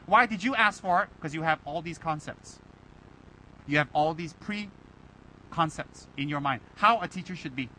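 A man teaching a Buddhist dharma talk, animated and rhetorical, mimicking his listeners' complaints. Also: a little high, normal speed, slight background noise, poor audio. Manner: animated, rhetorical, mocking imitations.

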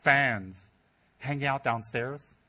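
A man giving a humorous Buddhist dharma talk to his students, telling stories and mimicking people in squealing voices. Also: takes it slowly. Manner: animated storytelling, mimics students in high squeals. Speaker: Buddhist teacher. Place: teaching center hall.

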